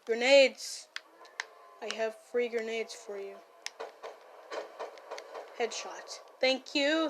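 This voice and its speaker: High-pitched woman yelling at a game. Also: drawn-out words, pauses often, slight background noise. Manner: yelling playfully at game characters. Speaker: gamer. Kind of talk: silly gameplay commentary.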